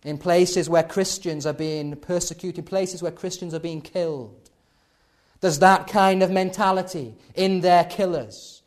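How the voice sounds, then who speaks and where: Emphatic male preacher, fairly high voice. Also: measured pace. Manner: builds to loud emphatic peaks, then drops low. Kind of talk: sermon.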